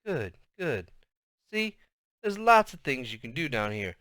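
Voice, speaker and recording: A man voicing an elderly grandmother with a Southern US accent, loud, bossy and doting, speaking in a high, drawling voice. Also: big pitch swings, unhurried, no echo, studio quality.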